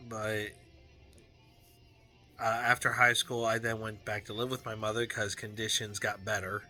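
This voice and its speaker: A man recording a personal video journal, talking in an earnest, heartfelt way with halting restarts and fillers. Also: lowish voice, flat delivery, pushed and bright, soft background music. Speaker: vlogger.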